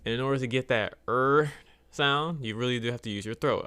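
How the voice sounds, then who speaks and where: A young man teaching English pronunciation in a casual video lesson, chatty and relaxed, acting out robotic versus smooth phrases. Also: on the low side, brisk, no echo. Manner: demonstrates phrases with exaggerated robotic and smooth readings; relaxed, chatty, laughs at himself.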